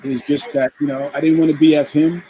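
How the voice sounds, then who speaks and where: A man's voice: a little high, fast, a little hiss or hum, low-quality recording. A man from the Bronx, a guest musician telling a story in a casual interview and acting out the quoted voices. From the Bronx, New York. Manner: animated anecdote teller who acts out quoted voices.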